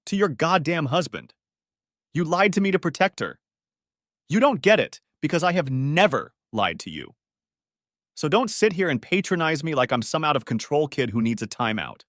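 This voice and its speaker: A man's voice: fairly high pitch, very animated, moderate pace, no echo, studio quality, voice pushed up. A man acting a furious, betrayed husband. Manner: shouting, accusing. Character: angry betrayed young husband.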